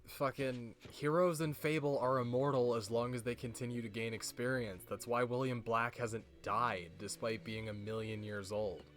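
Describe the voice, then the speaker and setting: A man's voice: medium pitch, steady tone, moderate pace, few pauses, a bit bright. Profane sarcastic man narrating gameplay. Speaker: gameplay commentator. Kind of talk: casual let's-play commentary. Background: game music.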